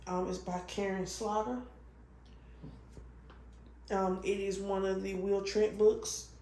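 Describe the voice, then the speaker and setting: A woman's voice: mid-range voice, level tone, slow pace, mellow. A woman chatting casually, rambling with frequent ums and restarts, coughing now and then. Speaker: vlogger. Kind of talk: casual chat while crafting. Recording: roomy room with faint noise.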